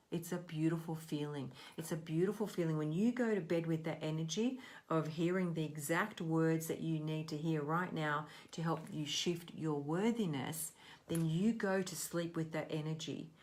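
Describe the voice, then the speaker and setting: A woman's voice: sits low, normal speed, a little mellow. A middle-aged woman coaching on self-worth in a casual, earnest talk, rambling and often restarting her sentences.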